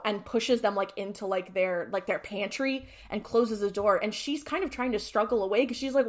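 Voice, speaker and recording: This is a woman co-hosting a podcast in a loose, casual recap style. She retells scenes beat by beat, slipping into each character's lines with many filler "likes". Her voice sits in an ordinary middle pitch. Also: a little fast. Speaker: podcast co-host. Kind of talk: casual chat recapping a TV episode.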